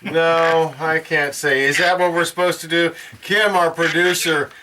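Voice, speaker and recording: A man's voice: a little high, steady tone, unhurried, background noise. A man hosting a radio talk show, welcoming a caller and joking with her, laughing easily. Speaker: radio host.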